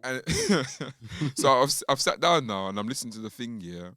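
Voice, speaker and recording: A man's voice: mid-range voice, normal speed, dry recording. A young man, co-hosting a casual podcast chat and telling stories with lots of fillers and laughs. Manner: animated storytelling with frequent fillers and laughs. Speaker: podcast co-host.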